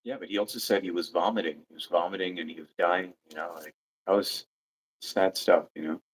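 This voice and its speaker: A man's voice: sits low, fairly even intonation, fairly quick, breathy edge, poor audio. A man co-hosting a casual livestream chat, easygoing and agreeable, reading out chat comments. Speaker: livestream co-host.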